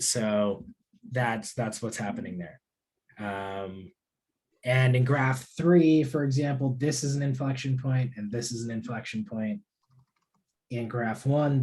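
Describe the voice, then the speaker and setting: With a medium-pitched, slightly mellow voice, this young instructor teaches math live online. He works through problems in a relaxed manner and takes student questions along the way.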